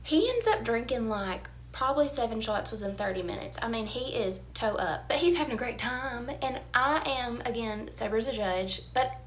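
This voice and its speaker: A woman, telling a storytime tale casually, with animated, dramatic emphasis and quoted asides. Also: on the high side, normal speed, hardly any pauses, a little hiss or hum. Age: 30s.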